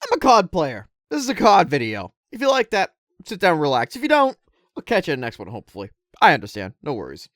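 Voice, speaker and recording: A woman with a fairly low voice rants to her viewers in casual gaming commentary, audibly irritated and firing off rhetorical questions. Her pitch swings widely as she talks. The sound is dry and close, with no room around it. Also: huge pitch swings, fast talker, no echo. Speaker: gaming video creator.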